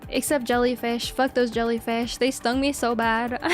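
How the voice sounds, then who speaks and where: A young woman chatting casually as a streamer, giggly and excitable, swearing freely. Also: a little high, normal speed, faint music behind. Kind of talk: casual chat.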